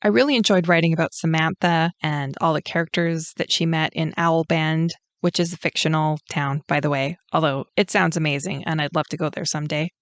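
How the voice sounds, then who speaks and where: A woman's voice: low-pitched, fairly even intonation, brisk, hardly any pauses, no echo. Friendly Canadian woman author, dry sound. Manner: friendly, self-deprecating humor. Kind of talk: author's note, read aloud.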